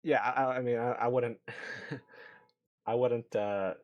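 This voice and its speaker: A man's voice: mid-range voice, steady tone, takes it slowly, lo-fi sound. A man playing a tabletop game, chatting casually and stammering with self-mocking jokes. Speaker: player.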